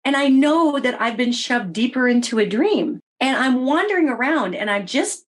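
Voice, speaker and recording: A middle-aged woman telling her own story in a casual interview, wry and animated, often voicing her own past remarks. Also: high voice, moderate pace. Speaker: interview guest recounting experiences.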